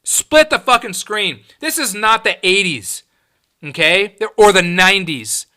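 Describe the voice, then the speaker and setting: A man's voice: high voice, animated, a little slow, pushed and bright, clear, resonant tone. A man hosting his own podcast, ranting in a heated, profane and emphatic way. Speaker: podcast host. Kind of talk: solo podcast rant.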